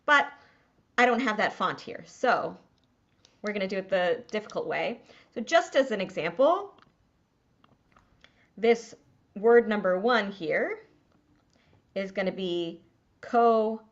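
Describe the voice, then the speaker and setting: A woman's voice: medium pitch, big pitch swings, takes it slowly, long pauses, fairly bright tone, muffled recording. A woman rabbi teaching a small class to read Hebrew, patient and encouraging.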